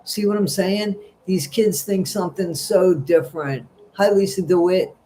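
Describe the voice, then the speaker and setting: A man's voice: sits high, a little slow, mellow. A middle-aged man hosts a casual livestream, reading out viewer comments and gossiping in a rambling, chatty way. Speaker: livestream host.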